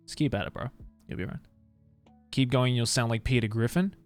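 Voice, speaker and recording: A man's voice: medium pitch, brisk, faint music behind. A male streamer chatting casually with his live audience, laughing often, swearing freely, and leaning hard on filler words. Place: home streaming room, Tokyo.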